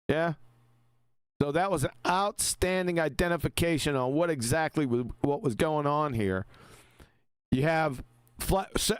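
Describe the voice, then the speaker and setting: A man's voice: sits high, clean tone, no room sound, studio quality. Brash mocking man hosting a livestream. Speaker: livestream host. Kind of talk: casual group livestream chat.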